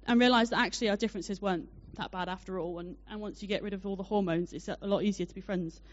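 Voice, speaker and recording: A young woman preaching a sermon, telling a personal story in a chatty, animated way with many fillers. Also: mid-range voice, fast talker. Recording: dull lo-fi sound.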